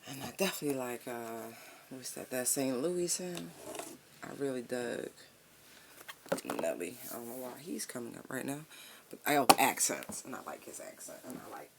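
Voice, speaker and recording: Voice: mid-range voice, very noisy. A tarot reader giving a casual, slangy reading, humming and musing aloud as cards come up. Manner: relaxed, slangy and profane, with drawn-out hums while pulling cards.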